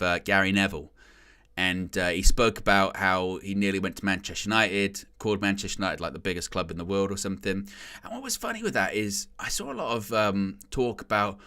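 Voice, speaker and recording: A man chatting casually and rambling excitedly about football on a fan channel's live stream, laughing often. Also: lowish voice, clear, resonant tone. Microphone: headset.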